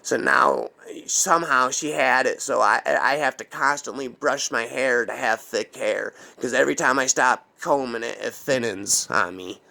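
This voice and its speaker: Gravelly man rambling through a crude story. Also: mid-range voice, normal speed, hardly any pauses, pushed and bright. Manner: rambling, profane, casual. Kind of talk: crude comedic horror story narration.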